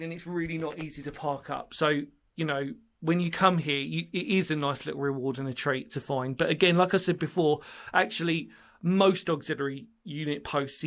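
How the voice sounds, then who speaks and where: Man, casual vlog, enthusiastic, rambling, slightly high voice, underground bunker. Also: a bit bright. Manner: chatty, rambling, enthusiastic, self-deprecating. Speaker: history explorer presenting his channel. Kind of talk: casual solo exploring vlog. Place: inside a small underground brick bunker in woodland.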